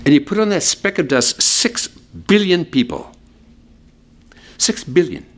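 There's slight background noise as a male pastor, at a measured pace, works through scripture in an expository sermon. He keeps it conversational with friendly asides, animated and sweeping his pitch for emphasis.

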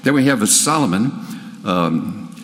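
An older man, a pastor, giving a sermon in a folksy storytelling way, with halting restarts. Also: on the low side, animated, a bit bright. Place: church sanctuary. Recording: long church reverb.

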